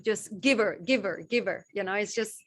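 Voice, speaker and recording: A woman's voice: mid-range voice, moderate pace. A woman with a Balinese accent giving an informal spiritual teaching, rambling, repeating phrases and acting out short quotes.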